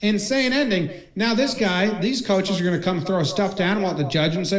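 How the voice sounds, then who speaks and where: A man's voice: high-pitched, normal speed, hardly any pauses, echoey room. A man giving comic play-by-play commentary on a wrestling clip, dubbing made-up lines for the people on screen. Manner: jokey, dubs voices for people on screen. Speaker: video commentator.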